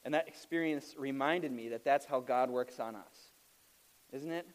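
A man's voice: medium pitch, normal speed. A man preaching a sermon, opening with a funny personal story and laughing at himself as he goes. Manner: animated storytelling with self-deprecating laughs. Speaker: pastor.

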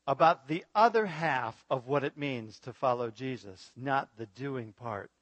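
Speaking somewhat high, this pastor delivers an animated sermon and poses rhetorical questions to the congregation. There's no echo on the audio.

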